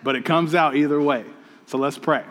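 A male pastor with a fairly high voice delivers a sermon as a casual, conversational story told straight to the congregation. His voice rings with the long reverb of a church hall. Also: normal speed, a bit bright.

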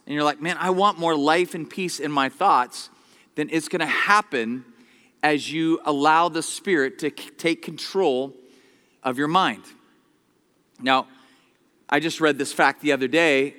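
Guy pastor preaching, bright lively voice, long echo of a big church hall. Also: high voice. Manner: animated preaching, acts out quoted voices. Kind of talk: sermon. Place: church sanctuary.

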